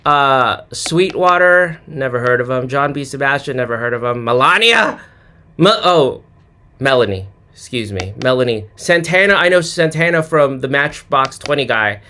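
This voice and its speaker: A man in a casual comedic monologue, reading off names with deadpan, mock-clueless sarcastic asides and humming snatches of songs. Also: mid-range voice, normal speed. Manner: hums and sings snatches of songs. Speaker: sports commentary vlogger.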